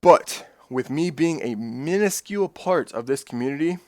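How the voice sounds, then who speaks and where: Male streamer, casual chat, excitable swearing storyteller, dry mic. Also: a little high, moderate pace, dry recording.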